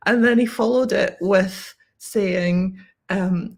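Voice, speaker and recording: A woman's voice: medium pitch, slow pace, vocal fry. A Scottish woman who teaches English, telling a story to camera in a chatty way with lots of fillers and restarts. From Scotland.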